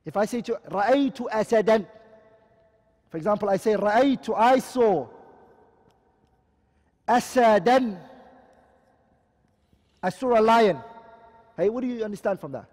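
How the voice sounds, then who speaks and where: Male teacher, high voice, lectures and quizzes students, reverberant hall sound. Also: a little slow, long pauses, a little mellow. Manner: explains terms and keeps asking the class questions. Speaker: Islamic studies teacher. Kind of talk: classroom lecture.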